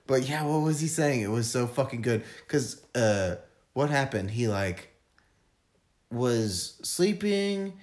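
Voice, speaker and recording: A man co-hosting a podcast in casual chat, animated and quick to laugh, cursing casually as he tells stories. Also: mid-range voice. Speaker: podcast co-host.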